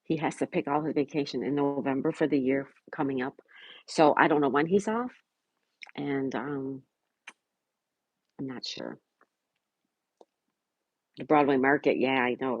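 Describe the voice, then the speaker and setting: Husky low-voiced woman chatting on a live stream. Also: normal speed, pauses often, dry recording, rough recording. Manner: chatty, greets viewers by name, affectionate. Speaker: livestream host reading chat. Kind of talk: casual live-stream chat.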